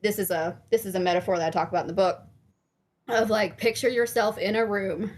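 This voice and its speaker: A woman's voice: mid-range voice, fairly even intonation, brisk, darkish tone. A woman therapist and life coach, a guest on a casual podcast, talking frankly with some swearing and plenty of fillers.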